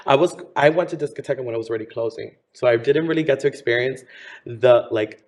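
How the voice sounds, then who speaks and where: A man's voice: medium pitch, fast, darkish tone. Campy chatty man in his thirties. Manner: campy, chatty, says honey. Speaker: drag performer guest. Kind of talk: casual interview chat.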